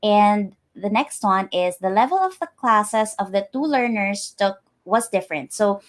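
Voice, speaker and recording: A woman's voice: medium pitch, lively intonation, a little slow. A woman presenting her research in a lecture, explaining carefully with frequent ums and uhs. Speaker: academic presenter.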